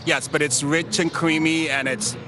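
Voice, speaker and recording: A man working as a caterer, explaining the food in a soft, halting way. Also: a little high, steady tone. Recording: outdoor crowd chatter behind.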